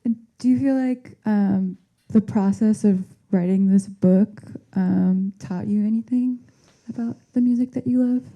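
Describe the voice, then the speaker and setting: A woman interviewing an author on stage, asking questions hesitantly with pauses. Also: mid-range voice, muffled recording.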